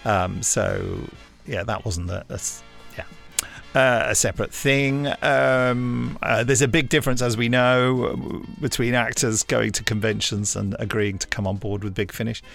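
A wry man co-hosting a podcast, his voice gravelly with a lot of fry. He rambles casually and playfully, with faint music underneath. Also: medium pitch, fairly even intonation, a little slow, a bit bright. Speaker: podcast co-host, audio drama producer. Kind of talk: casual chat.

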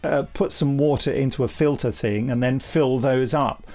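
A man's voice: mid-range voice, fairly even intonation, moderate pace, darkish tone. Chatty man, co-host. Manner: chatty, rambling, laughs often. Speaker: podcast co-host. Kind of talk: casual chat.

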